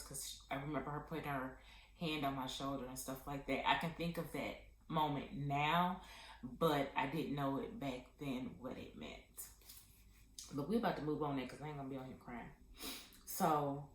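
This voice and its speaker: A woman vlogger telling a candid personal testimony in a heartfelt, halting way with many pauses and fillers. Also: low-pitched, echoey room, low-quality recording.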